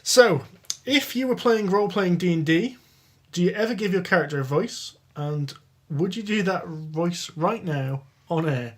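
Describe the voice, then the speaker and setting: A man in casual podcast chat who drifts onto tangents. His voice sits a little higher than most men's. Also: expressive, measured pace. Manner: steers off on tangents, conversational. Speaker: podcast co-host.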